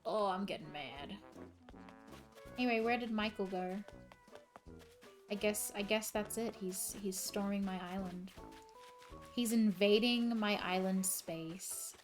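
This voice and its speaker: A woman chatting casually and swearing freely as she reacts out loud to a video game on a live stream. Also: mid-range voice, slow pace, pauses often, soft background music.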